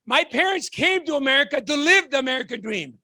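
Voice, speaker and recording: A middle-aged man from Tonga giving a motivational sales talk, excitable, shouting in bursts and repeating rhetorical questions. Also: very high voice, quick pace. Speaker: business opportunity presenter.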